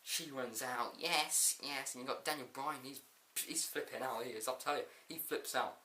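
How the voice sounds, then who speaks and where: A man's voice: mid-range voice, steady tone, normal speed, bright, forceful tone, reverberant. A man casually reviewing a wrestling show, laughing often and rambling through a recap with quoted lines.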